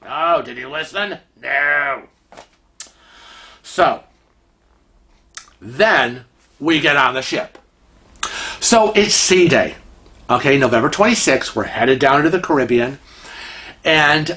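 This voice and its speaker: Brief: bright, high-pitched male vlogger, chatty and rambling. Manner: animated, rambling, many fillers. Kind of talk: casual storytelling.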